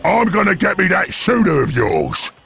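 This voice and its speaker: An actor voicing a brash, boastful male orc warrior in video game voice clips, with a gravelly, raspy voice. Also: sits high, wildly swooping pitch, normal speed, bright, forceful tone, full character voice. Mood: threatening.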